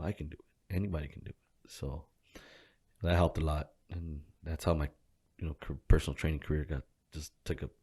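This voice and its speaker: A gym co-owner talking loosely in a casual interview, slangy and full of swearing, and often breaking into laughs. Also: male voice, rumbling low, darkish tone, husky.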